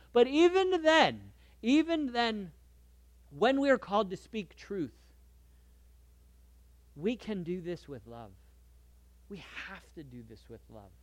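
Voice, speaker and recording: A man preaching a sermon in a conversational way, moving between soft asides and lively emphasis. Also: high-pitched, no echo. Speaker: pastor.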